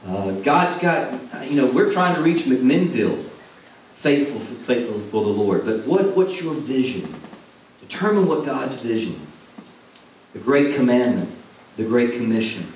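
A man's voice: mid-range voice, animated, unhurried, darkish tone. A man preaching a sermon as a former pastor, earnest and repeating phrases for emphasis. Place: church sanctuary. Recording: echoey hall, from far off, faint noise.

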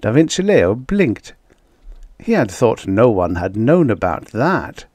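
A man reading a vintage science fiction story as an audiobook narrator, lifting his pitch to act out the heated dialogue. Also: big pitch swings, slow pace, darkish tone, no echo. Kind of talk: scripted narration.

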